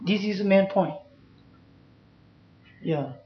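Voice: mid-range voice, takes it slowly. A Buddhist teacher giving a Dharma class, speaking in simple broken English and checking in with "you know" and "yeah?". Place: class room. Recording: echoey, dull room recording.

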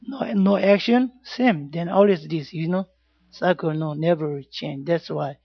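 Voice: mid-range voice, measured pace, breathy edge, no echo. Dharma teacher in simple broken English. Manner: simple broken English, frequent checks like "yeah?" and "you know". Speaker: Buddhist teacher. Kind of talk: informal Dharma class talk. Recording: dull lo-fi recording, dry sound.

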